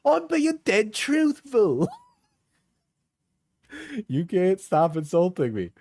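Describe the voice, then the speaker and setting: A man putting on an exaggerated mock Cockney accent, voicing a shrill, bickering partner in a fight over text messages. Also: wildly swooping pitch, a little mellow, full character voice. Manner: exaggerated, high, drawn-out, bickering.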